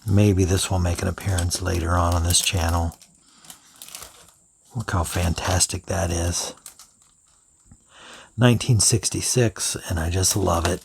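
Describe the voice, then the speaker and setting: A man reviewing pens in an unhurried, thinking-aloud way, now and then dropping into soft whispered asides. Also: low voice, steady tone, gravelly, slight background noise. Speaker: pen reviewer. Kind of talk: unscripted product review.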